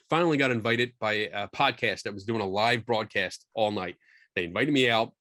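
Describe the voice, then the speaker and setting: Interview guest, man, mid-range voice, lively storyteller, dry close sound. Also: mid-range voice, no room sound. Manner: chatty, animated storyteller with frequent restarts. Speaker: guest, skeptical paranormal investigator.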